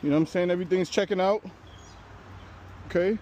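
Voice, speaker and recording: A laid-back man narrates a tow job briskly in a high-sitting voice with a darkish tone. Short of breath, the channel host talks to camera while working on a street and in a pickup, swearing casually over faint traffic noise.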